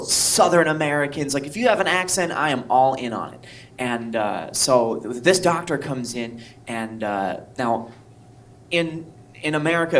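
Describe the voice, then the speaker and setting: A man's voice: mid-range voice, a bit bright, slight background noise. A man doing a stand-up set and then chatting at a bar, telling stories with many hesitant fillers. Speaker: stand-up comedian, guest.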